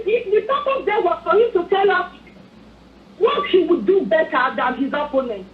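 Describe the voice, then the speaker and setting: A Nigerian woman phones in to a talk show, her voice very high and full of swoops. She speaks with anger and keeps pleading. The call comes through a thin, phone-like line with a roomy echo. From Edo State, Nigeria. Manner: angry, pleading, repetitive. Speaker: phone-in caller. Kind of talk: impassioned political commentary. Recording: echoey tinny phone line.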